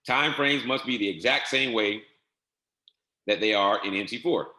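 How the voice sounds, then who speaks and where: A man with a fairly low, bright and forceful voice talks through a software setup step by step. He repeats each instruction in a casual, instructive tone. The sound has a noticeable echo from the room. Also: normal speed. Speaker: trading instructor. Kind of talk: screen-share software tutorial.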